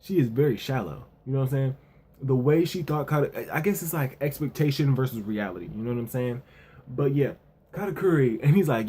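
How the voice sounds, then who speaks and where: Man, casual reviewer, husky voice, mellow tone, rambling, lots of fillers. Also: mid-range voice, fast talker. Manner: relaxed, repetitive, with frequent verbal fillers; acts out characters' lines in a lightly raised voice. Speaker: anime and manga reviewer. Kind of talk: casual spoken recap.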